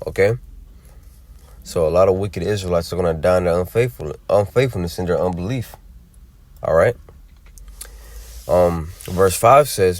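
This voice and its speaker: A man's voice: deep voice, normal speed, pauses often, darkish tone, dry recording. A man teaching from scripture, reading verses aloud and explaining them in a drawling, conversational way full of "you know" and "all right". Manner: drawling, many fillers and tag questions. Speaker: preacher.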